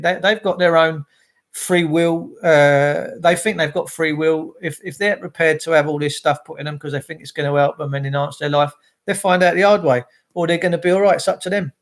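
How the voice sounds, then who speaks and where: Man, livestream host, animated and ranting, a touch high-pitched. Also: creaky. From England. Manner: animated, greets viewers by name, ranting. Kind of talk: casual livestream chat.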